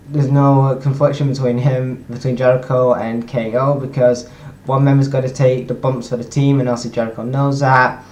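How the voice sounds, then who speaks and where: A young man casually recapping a wrestling show, rambling and restarting his sentences with lots of ums. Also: medium pitch. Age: young adult. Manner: rambling, repeats himself, frequent "obviously" and "um". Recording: roomy echo.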